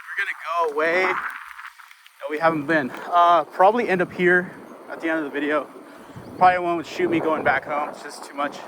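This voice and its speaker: A young man chatting casually to the camera while riding his bike outdoors, in a relaxed, rambling way with laid-back slang. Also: fairly high pitch, normal speed. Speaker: vlogger and bike rider. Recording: wind-buffeted outdoor action-camera audio. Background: wind noise and outdoor ambience.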